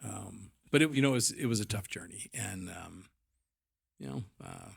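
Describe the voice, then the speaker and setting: A man's voice: fairly low pitch, expressive, moderate pace, gravelly, slightly rough. A man in his forties, a podcast guest and business owner, telling his story candidly in a rambling, blunt and profane way, full of fillers.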